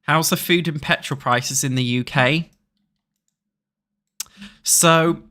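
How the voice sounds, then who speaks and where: A young man with a British accent talks loosely to his viewers as he plays, rambling and cursing between tasks. His voice is bright and sits at an ordinary middle pitch, close on a desk mic. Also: slow, long pauses. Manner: chatty, swears freely, talks to chat. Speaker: streamer. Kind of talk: casual chat while playing a building game.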